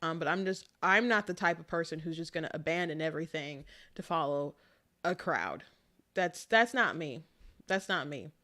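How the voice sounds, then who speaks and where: A young adult woman hosting casual political commentary, talking chattily with quick asides and frequent laughter. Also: deep voice, animated, pushed and bright.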